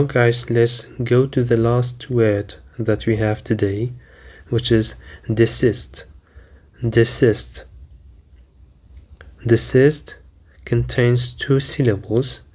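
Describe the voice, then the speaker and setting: A man teaching vocabulary, deliberately repeating each word and spelling out its syllables and stress. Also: mid-range voice, steady tone, a little mellow. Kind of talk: slow, careful vocabulary lesson.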